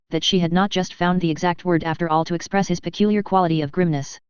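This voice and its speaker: A woman reading a novel aloud as an audiobook narrator, measured and clear. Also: on the low side, a little mellow, no room sound, dull audio. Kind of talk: scripted narration.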